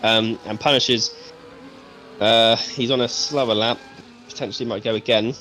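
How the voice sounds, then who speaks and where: Casual sim racing commentator. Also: male voice, mid-range voice, normal speed, slight background noise. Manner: casual, hesitant fillers, builds excitement on finishes. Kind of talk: live esports commentary.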